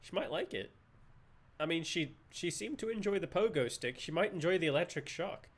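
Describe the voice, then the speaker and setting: A man's voice: fairly high pitch, animated, moderate pace, breathy edge. A young Australian man streaming a game live, joking and laughing with chat. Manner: giggly, playful, jokey.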